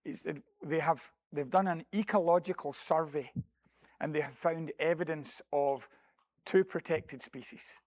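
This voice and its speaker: A middle-aged man stands before a church congregation, telling the story of a mission. His voice sits a touch high and lively as he acts out phone calls, then turns earnest and self-deprecating. The sound is dry and close. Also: measured pace, no echo. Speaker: church worker giving a mission report. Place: church building.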